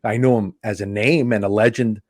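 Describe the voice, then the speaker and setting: Animated storytelling man, dry sound. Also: on the low side, a little fast, dry recording. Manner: animated, acts out voices in anecdotes. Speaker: comedian guest. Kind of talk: casual storytelling.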